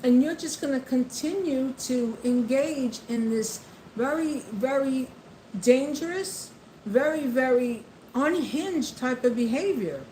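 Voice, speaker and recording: Woman, political rant, impassioned and repetitive, fairly high voice, echoey room, faint background hum. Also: slow, dark tone. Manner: impassioned, repetitive, addresses the president directly. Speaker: vlogger. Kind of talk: political commentary monologue.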